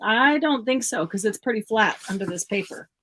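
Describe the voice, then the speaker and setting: A woman chatting casually with her co-host during a craft session, lively and quick to laugh. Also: a little high, a little hiss or hum, low-quality recording. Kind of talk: casual chat while crafting.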